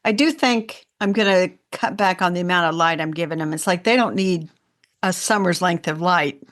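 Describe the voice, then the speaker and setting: A woman from Indiana co-hosting a casual gardening podcast, telling stories in a chatty, animated way. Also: lowish voice, moderate pace. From Indiana, USA. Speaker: podcast co-host.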